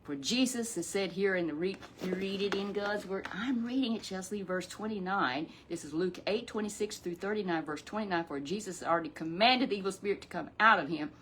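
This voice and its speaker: A woman telling a Bible story to a puppet, in an animated, rambling way with drawn-out emphasis. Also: medium pitch, slight background noise.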